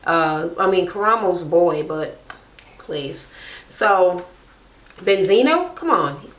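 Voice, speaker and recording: A woman's voice: on the low side, animated, slow, echoey room. A woman recapping a reality show in casual, blunt, profane chat, mimicking the people she talks about.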